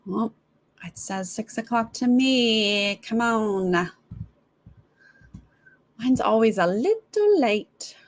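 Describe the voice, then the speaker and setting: Speaking slowly with long pauses, this Los Angeles woman reacts to a TV show on her live stream. Her high-leaning voice is expressive as she chats with viewers and imitates other people's voices while telling stories.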